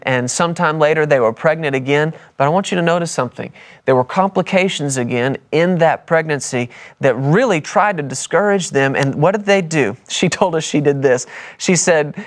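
A man preaching a sermon on a broadcast, telling a story and then building to emphatic points. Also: on the high side. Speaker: pastor.

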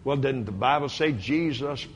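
A man preaching a sermon to a congregation. He acts out dialogues, stretches key words and builds toward shouting. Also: mid-range voice, normal speed. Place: church before a responding congregation.

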